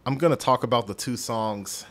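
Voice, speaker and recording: A man's voice: mid-range voice, normal speed, fairly bright tone. A man hosting a podcast, chatting casually through a music review in a rambling, self-deprecating way and stumbling over his words. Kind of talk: casual solo review chat.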